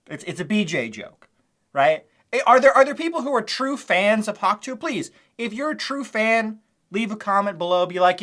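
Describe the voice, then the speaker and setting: A man's voice: high voice, animated, normal speed, fairly bright tone. A male commentary host who talks over video clips, mocking and sarcastic, with small laughs between his points.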